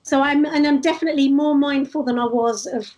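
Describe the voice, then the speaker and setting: Woman, high voice, chatty anecdotal interview guest. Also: fairly quick. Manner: chatty, animated anecdotes with frequent restarts. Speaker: street performer guest. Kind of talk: casual interview storytelling.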